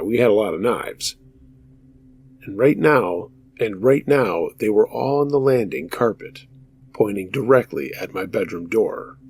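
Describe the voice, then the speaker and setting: A man narrating true scary stories in a measured, steady storytelling manner as the show's host. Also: fairly low pitch, gravelly, a little hiss or hum.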